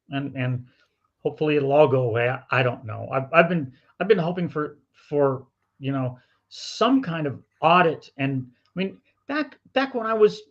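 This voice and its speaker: A middle-aged man co-hosting a casual political chat, speaking haltingly and repeating words as he thinks. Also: fairly high pitch, fairly bright tone. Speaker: podcast co-host. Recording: dull lo-fi audio.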